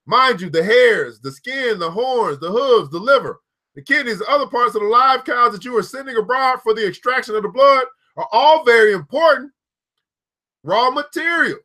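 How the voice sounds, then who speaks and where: A man with a strikingly high, bright, forceful voice reads from a book and comments between passages. He is excitable and often breaks into whoops and laughter. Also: moderate pace. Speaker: book reader and host. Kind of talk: reading a book aloud with commentary.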